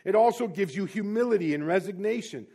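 A man with a notably high voice delivers a sermon from the pulpit. He preaches in an emphatic, exhorting manner and presses each point home. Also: animated, a little fast, mellow, breathy edge. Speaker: pastor.

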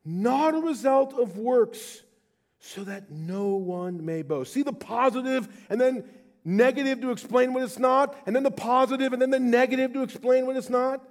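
A middle-aged male pastor preaching a sermon with passion, swinging from loud declarations to hushed, slow phrases. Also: very high voice. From Southern California.

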